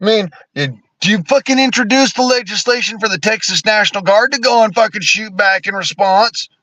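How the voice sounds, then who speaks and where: A man's voice: high voice, a little fast, bright, forceful tone, no echo. A man in his thirties ranting angrily about politics, profane, heated and sarcastic. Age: 30s. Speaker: streamer. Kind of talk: angry political rant.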